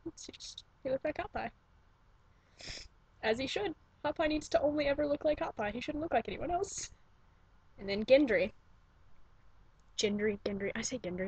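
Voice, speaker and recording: At home, a young woman vlogger chats casually into her computer's webcam mic, gushing, swearing, rambling and cutting herself off. Her voice is slightly high, a touch mellow and a bit rough, and the recording quality is low.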